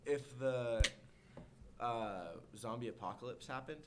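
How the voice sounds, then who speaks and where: A man's voice: mid-range voice, a little slow, noisy background. A young man co-hosting a podcast, telling stories and mocking himself. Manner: storytelling, self-mocking. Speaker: podcast co-host. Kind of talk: casual chat.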